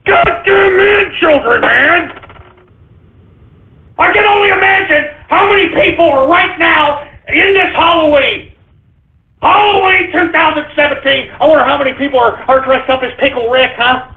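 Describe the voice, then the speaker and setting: A man hosting a talk radio show, ranting angrily with shouting and profanity. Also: extremely high pitch, steady tone, normal speed. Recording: tinny phone-like lo-fi.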